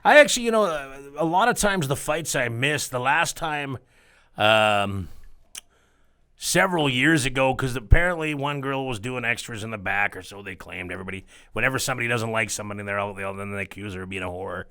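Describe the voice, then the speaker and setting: A man's voice: mid-range voice, fairly quick, pushed and bright, clear, resonant tone. A man working as a strip club DJ, telling rambling, profane stories in casual chat.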